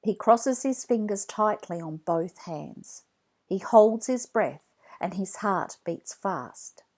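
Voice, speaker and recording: A woman narrating a children's read-along storybook, slow, clear and expressive. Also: mid-range voice. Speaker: storybook reader.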